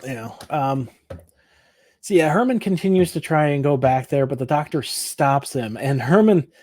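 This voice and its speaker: A man's voice: medium pitch, lively intonation, normal speed, darkish tone. A man co-hosting a podcast, recapping an episode in casual chat, laughing often and acting out the characters' lines. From Michigan. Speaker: podcast co-host.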